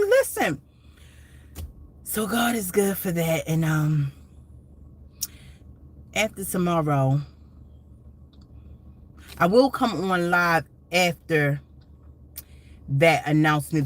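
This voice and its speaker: A woman hosting a casual live stream, talking in a rambling, emotional way with many restarts and asides. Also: deep voice.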